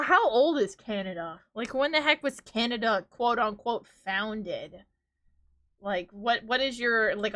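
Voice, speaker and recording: A woman's voice: mid-range voice, bright, forceful tone. A woman in her thirties with a New York accent, chatting casually with her live-stream viewers, rambling and laughing often as she riffs on tangents. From New York, USA.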